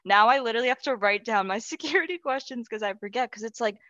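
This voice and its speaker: A woman's voice: fairly high pitch, expressive, quick pace, hardly any pauses, pushed and bright, dry recording. A woman guest on a podcast, chatting playfully and giggling as she talks. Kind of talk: casual chat. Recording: dry, dull lo-fi sound.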